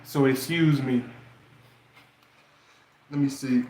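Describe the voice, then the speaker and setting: A man giving casual relationship advice in a preachy, animated way, firing off rhetorical questions. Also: mid-range voice, slow, echoey room, a little hiss or hum. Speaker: relationship and astrology vlogger.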